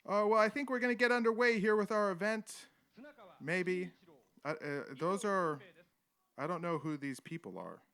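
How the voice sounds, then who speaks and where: Man, live stream host, casual chat-reading commentary, irreverent, bright tone. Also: high-pitched, expressive, moderate pace, smooth. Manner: irreverent, rambling, chuckles often.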